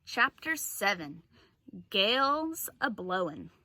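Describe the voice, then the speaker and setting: A woman teacher reads a chapter book aloud in clear storytelling. She keeps a slow pace with a bright, slightly high voice. The sound is dry and close. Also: big pitch swings, no room sound.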